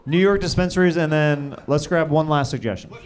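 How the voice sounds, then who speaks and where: A man's voice: fairly high pitch, fairly quick. A man hosting a live comedy show on a club stage, taking audience suggestions and trading dry, wry banter with the comedian. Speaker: host.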